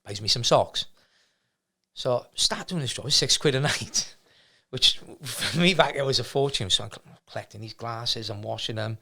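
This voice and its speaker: A man's voice: mid-range voice, normal speed, sharp tone. A middle-aged man, telling his life story as a guest in a casual chat, rambling with many restarts. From Wales. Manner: rambling, many restarts, acts out quoted people. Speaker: martial arts gym owner, guest.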